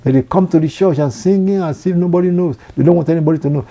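A man's voice: fairly high pitch, fast, mellow. A man preaching a sermon, earnest and repetitive, often quoting scripture.

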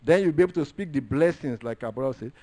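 Slightly high and a little mellow, this preacher's voice moves at a quick pace. Working through scripture emphatically, he hammers key phrases by repeating them.

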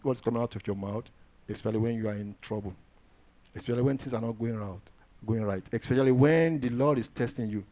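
A man preaches a sermon in a slightly mellow mid-range voice. He is emphatic and repetitive, stressing and repeating key phrases as he works through scripture.

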